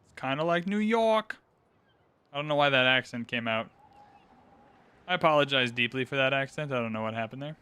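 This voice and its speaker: A man's voice: medium pitch, quick pace, pushed and bright, clean tone. A man hosting a gaming channel, talking through a strategy game in casual, upbeat commentary and explaining his moves as he plays.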